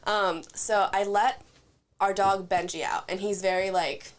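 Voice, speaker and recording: A woman's voice: mid-range voice, a little slow. Young American woman co-host, chatty storyteller, casual chat. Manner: chatty storytelling, animated when venting. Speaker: podcast co-host.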